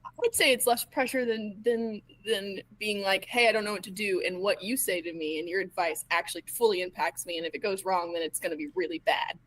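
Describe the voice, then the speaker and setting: A woman, a tabletop role-playing player, retelling events in character in a halting way, with plenty of stammers, fillers and restarts. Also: medium pitch, fairly bright tone, poor audio.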